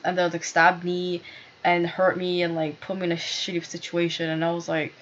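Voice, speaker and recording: A woman's voice: lowish voice, monotone, normal speed, a little hiss or hum. A woman telling a rambling, agitated personal story to camera, full of fillers and swearing. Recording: dull lo-fi recording.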